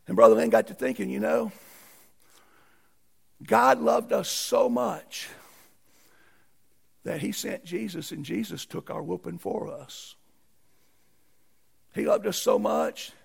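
Gravelly preacher, man. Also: high voice, animated, measured pace, pauses often. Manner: folksy, emphatic preaching with rising outbursts. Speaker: pastor. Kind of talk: sermon with folksy storytelling.

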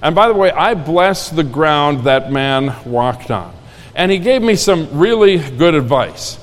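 A male pastor preaches in an earnest, folksy manner and often repeats his key lines. His voice sits a little high for a man. The sound has the long reverb of a church sanctuary. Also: lively intonation, unhurried. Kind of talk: sermon.

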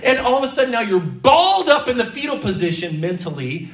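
A man preaching a sermon in a church hall, lively and theatrical, sometimes slipping into mock-panicked voices. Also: very high voice, brisk, hardly any pauses, distant mic. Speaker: pastor.

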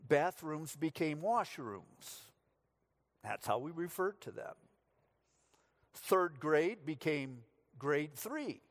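A man's voice: fairly high pitch, animated, slow pace. A middle-aged man from the United States, preaching a sermon as pastor, telling stories with dry humor.

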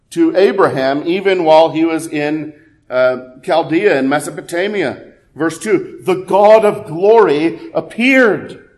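A man preaching a sermon as pastor, conversational with fillers and self-corrections, then building to loud emphatic peaks before dropping low again.

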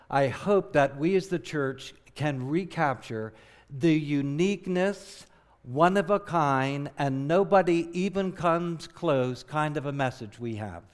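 A middle-aged man from southern New Jersey, a missionary preaching a sermon in an earnest, emphatic way that builds to excited peaks. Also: mid-range voice.

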